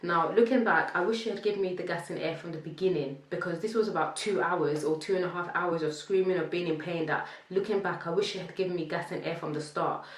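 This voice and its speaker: A young woman recounts a personal story in a casual, animated way, her voice pitched a little low and set back from the mic. The room around her is echoey, adding a roomy ring to each phrase. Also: quick pace, hardly any pauses, recorded from a distance, slight background noise. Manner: animated, acts out quotes, laughs between lines. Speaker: vlogger telling her birth story.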